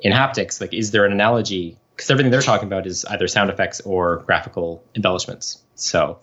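A man in his thirties, a professor, explains his research in relaxed, rambling sentences full of fillers. His voice sits on the low side. The recording sounds dull and lo-fi. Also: fast, breathy edge. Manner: chatty, explanatory, with frequent fillers. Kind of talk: casual podcast interview.

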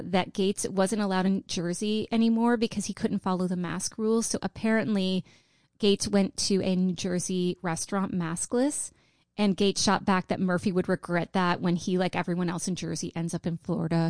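A woman's voice: on the low side, little pitch movement, moderate pace, a little mellow, no echo, clean studio sound. A woman co-hosting a casual podcast, indignant and exasperated, often restarting her sentences. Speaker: podcast co-host.

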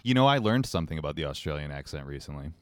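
A man co-hosting a podcast in casual chat, rambling along with deadpan, crude jokes. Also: rumbling low, racing, no echo. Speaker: podcast co-host.

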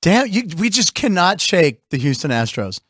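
A man hosting a casual sports talk show, chatty and jokey with quick asides. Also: high voice, sing-song, fairly bright tone, no echo. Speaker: host.

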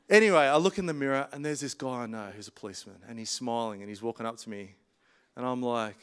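A man, preaching a casual sermon full of stories, chatty and quick to laugh. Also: medium pitch, fairly bright tone, smooth. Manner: chatty, laughs often, colloquial.

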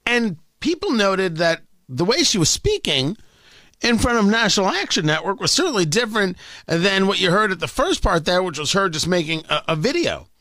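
A man's voice: sits high, big pitch swings, moderate pace, pushed and bright, dry recording. A man hosting a talk radio show, delivering an opinionated, sarcastic and combative monologue into a studio microphone.

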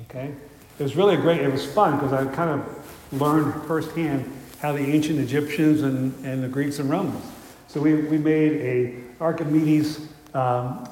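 A man's voice: medium pitch, darkish tone, slight background noise. Male preacher, conversational storyteller, roomy church reverb. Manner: storytelling, conversational, with frequent fillers and restarts. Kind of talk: sermon. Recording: echoey hall with faint ambience.

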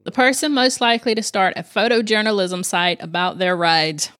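A woman co-hosting a relaxed podcast chat, upbeat and quick to laugh. Her voice sits at a middle pitch and is recorded dry and close. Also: no room sound. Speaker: podcast co-host.

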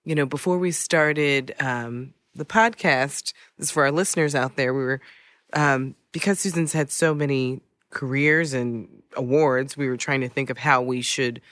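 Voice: medium pitch, moderate pace, fairly bright tone, dry recording, studio quality. A podcast host leading a casual interview with chatty, friendly questions.

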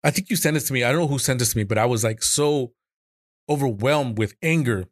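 A man's voice: medium pitch, fast talker, no echo, studio quality. A man hosting a political podcast, talking heatedly and emotionally with stammering restarts and swearing. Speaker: podcast host.

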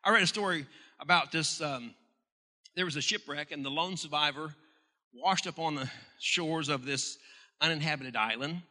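A male pastor delivers a sermon with a bright, ringing voice that sits a little high for a man. He drives each question upward with emphasis and often restarts his phrases as he goes. The sound carries the long reverb of a large church hall. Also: normal speed.

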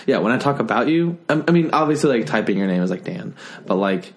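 A man's voice: medium pitch, very animated, fast. A young man hosting a podcast in casual chat, rambling and breaking off mid-thought. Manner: rambling, self-interrupting, whispers asides to listeners. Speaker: podcast host.

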